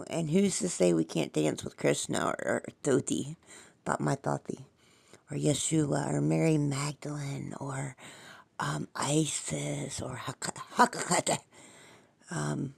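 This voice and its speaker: Woman host with a gravelly voice, loose and rambling, spiritual, swears a lot. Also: deep voice, fairly even intonation, a little slow, a little mellow. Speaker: podcast host. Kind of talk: rambling casual monologue.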